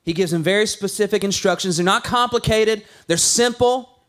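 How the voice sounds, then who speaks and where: A man with a high voice preaches a sermon in a relaxed, conversational way. He tells stories with a light, playful touch, like he's chatting with his congregation. He sounds like a pastor in his thirties. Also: moderate pace. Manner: conversational, playful storytelling with acted quotes.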